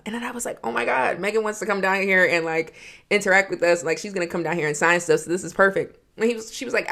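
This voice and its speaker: A young woman from Georgia, hosting her podcast from her home office and telling a story in a chatty, excitable way. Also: lowish voice, fast talker, vocal fry. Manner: chatty, excitable, many "like" fillers. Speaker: podcast host. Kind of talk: casual storytelling monologue.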